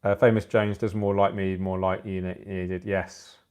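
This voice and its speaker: A man in his forties runs a casual livestream from his phone for his aquascaping channel, tired but joking with viewers. His low voice is a little mellow and smooth, with a level tone and moderate pace. He's chatty and laughs at his own jokes.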